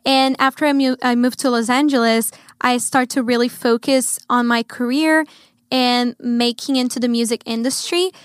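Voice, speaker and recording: A woman's voice: fairly high pitch, fairly even intonation, moderate pace, clear, resonant tone, no echo, studio quality. A young woman singer from Brazil with a Brazilian Portuguese accent, chatting cheerfully in an interview about her music. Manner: upbeat, cheerful, laughs often. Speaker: guest singer. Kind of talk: casual interview chat.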